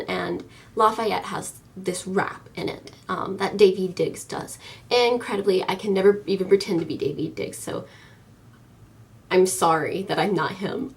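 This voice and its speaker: This is a young American woman in her early twenties, talking straight to her camera at home. Her voice sits at a middle pitch with a gravelly edge of vocal fry. She rambles happily, full of ums and likes. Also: far from the mic. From United States. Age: early 20s. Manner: chatty and enthusiastic, many ums and likes. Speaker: vlogger. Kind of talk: casual chat to camera.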